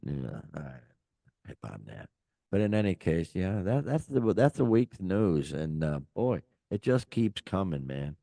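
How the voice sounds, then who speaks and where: A man's voice: deep voice, big pitch swings, a little slow, creaky, warm tone, dry recording, clean studio sound. An older man, co-hosting a casual rock chat show, rambling and joking with many fillers. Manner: rambling, jokey, lots of fillers. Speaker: podcast co-host.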